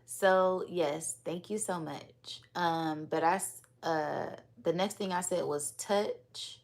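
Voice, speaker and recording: A woman hosting a live-streamed spiritual energy reading and chatting with viewers, talking in a calm, relaxed, unhurried way. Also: lowish voice. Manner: calm, relaxed and unhurried, sometimes repeating words. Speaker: spiritual reader and livestream host.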